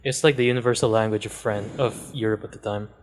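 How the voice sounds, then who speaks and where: A man, bantering and swearing during a casual gameplay session. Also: lowish voice. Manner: excitable, swearing, quick to shout. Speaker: gaming channel host.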